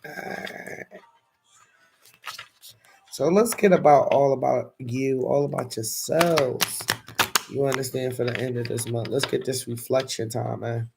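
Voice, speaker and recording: Gravelly-voiced Philly man reading tarot. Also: mid-range voice, steady tone, unhurried, pauses often, over music. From Philadelphia. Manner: chatty, reads affirmation cards aloud and talks to viewers in the chat. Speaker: tarot reader. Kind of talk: casual live-stream tarot reading.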